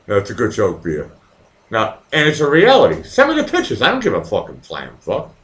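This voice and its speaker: A man's voice: on the low side, huge pitch swings, normal speed, fairly bright tone. A middle-aged American man hosting a casual livestream, chatting with viewers in a profane, rambling way while drinking. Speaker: livestream host. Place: at home in Vienna.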